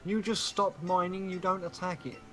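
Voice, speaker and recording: Guy gaming stream chat, highish voice, swears a lot, bit of music under it. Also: flat delivery, normal speed, pushed and bright. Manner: swears freely, laughs at own jokes. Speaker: streamer host.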